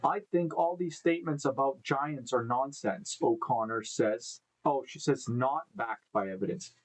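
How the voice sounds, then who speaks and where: A man's voice: mid-range voice, measured pace, poor audio. Man stumbling through a live-stream news read. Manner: stumbling over names, thinking aloud, joking asides. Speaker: host. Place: indoor room with live beehives.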